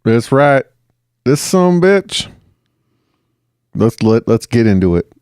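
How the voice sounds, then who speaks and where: A man's voice: mid-range voice, big pitch swings, slow pace, a little mellow, clean tone, dry recording. A man co-hosting a true-crime podcast, cracking jokes in casual banter. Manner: wisecracking, bantering. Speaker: podcast co-host. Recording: dry, close podcast recording.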